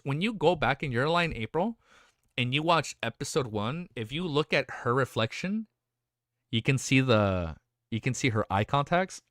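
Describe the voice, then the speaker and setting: A young man hosting a livestream, chatting casually and excitedly about anime, rambling, swearing freely and restarting his sentences. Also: mid-range voice, no echo, studio quality. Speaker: livestream host. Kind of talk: casual stream chat.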